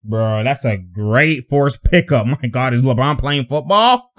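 Over a basketball game, a young man reacts in casual, slangy commentary, laughing a lot and getting excited. His pitch is medium and his pace measured.

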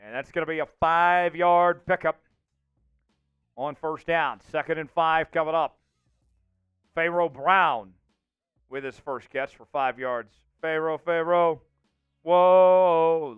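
High, gravelly play-by-play host. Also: male voice, highs cut off. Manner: excitable, shouts out chat names and hypes touchdowns. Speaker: host calling a simulated game for a livestream. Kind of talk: live play-by-play commentary.

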